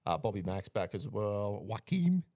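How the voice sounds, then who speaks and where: A man co-hosting a casual podcast, running through names and betting odds in a relaxed way with frequent fillers. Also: fairly low pitch, moderate pace, no room sound. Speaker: podcast co-host giving betting picks.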